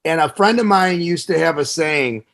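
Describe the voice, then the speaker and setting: Male guest, mid-high voice, relaxed, reflective, keeps saying "you know". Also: normal speed, creaky. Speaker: guest, former wrestler and bouncer. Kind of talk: casual interview chat.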